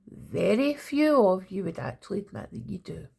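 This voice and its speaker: A woman's voice: mid-range voice, big pitch swings, normal speed, vocal fry, dark tone, slightly rough. A middle-aged woman giving a chatty, teasing tarot reading straight to her viewers. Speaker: tarot reader. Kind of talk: casual tarot reading to camera.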